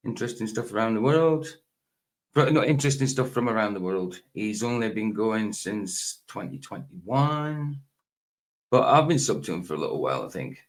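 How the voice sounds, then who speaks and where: A man in his forties talks through a late-night reaction video, rambling and correcting himself as he goes. His voice sits a little low. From Scotland. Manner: rambling, self-correcting, chatty. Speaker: YouTube reaction host.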